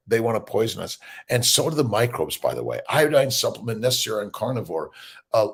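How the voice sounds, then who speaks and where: A man's voice: fairly low pitch, breathy edge. A middle-aged man, a fertility doctor, hosts a casual morning livestream, greeting viewers by name and rambling loosely as he reads their comments.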